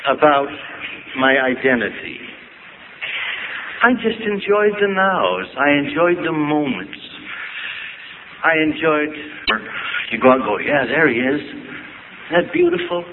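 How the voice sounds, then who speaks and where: An older man from Ohio telling reflective, wry stories about his youth, with gentle pauses and humor. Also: mid-range voice. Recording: tinny phone-like audio with noise.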